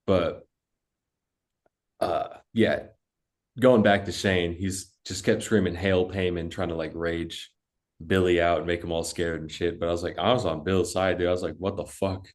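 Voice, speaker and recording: A young man with a very low, deep voice rambles through a story on a casual podcast. He cusses freely and leans on "dude" and "like" as he talks. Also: fairly even intonation, normal speed. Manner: rambling storytelling, heavy cussing, lots of "dude" and "like". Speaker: podcast co-host.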